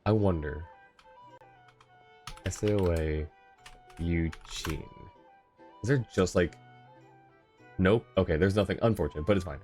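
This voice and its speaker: A man's voice: low voice, unhurried, pauses often, a little mellow, soft background music. A man streaming a game, chatting casually with viewers, rambling and laughing often. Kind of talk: casual live-stream chat.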